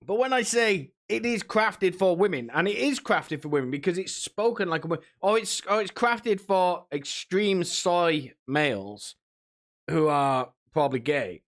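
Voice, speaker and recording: A man's voice: high voice, expressive, unhurried, fairly bright tone. A man streaming, rambling and mocking in a casual rant, often laughing between remarks. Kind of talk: casual ranting commentary.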